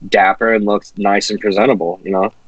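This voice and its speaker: A man's voice: lowish voice, level tone, a little fast, dry recording, highs cut off. A man from Washington State, a guest musician talking in loose, profane casual chat. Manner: loose, profane, laid-back.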